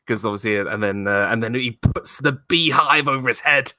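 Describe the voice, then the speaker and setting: A man hosting a casual live-stream chat over a video call, talking with enthusiasm and loudly acting out movie quotes. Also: fairly low pitch, animated, moderate pace, no echo. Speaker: host.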